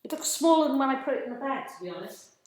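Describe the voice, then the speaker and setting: A woman's voice: high-pitched, animated, rapid-fire, darkish tone, heavy reverb. A woman hosting a casual live cooking stream from her home kitchen, chatting to viewers while she cooks. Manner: chatty, scattered, greets viewers mid-task. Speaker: cooking livestream host.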